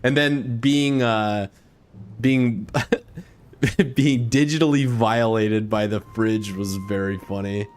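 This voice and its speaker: A man's voice: mid-range voice, slow pace. Joking male game streamer. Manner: joking, rambling, laughs often. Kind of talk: casual gameplay commentary.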